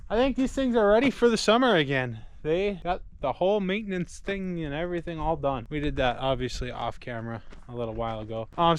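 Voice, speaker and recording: A man's voice: on the high side, clear, resonant tone. A man giving casual running commentary while repairing farm machinery, joking and poking fun at himself as he thinks aloud. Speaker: farm vlogger doing equipment repairs. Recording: noisy shop background.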